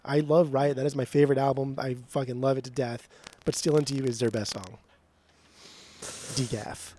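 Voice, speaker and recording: A man co-hosts a podcast in casual chat, his medium-pitched voice at normal speed with a little hiss or hum in the background. He rants in mock outrage, swearing a lot as he animatedly ribs his friend.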